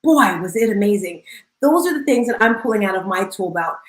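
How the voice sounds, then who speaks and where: A woman hosting a live audio room, talking in an energetic, bubbly, animated way. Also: medium pitch, a little fast, reverberant, rough recording. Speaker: host.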